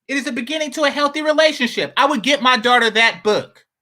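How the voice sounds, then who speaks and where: A man's voice: extremely high pitch, quick pace, sharp tone. A man giving blunt, mocking reaction commentary.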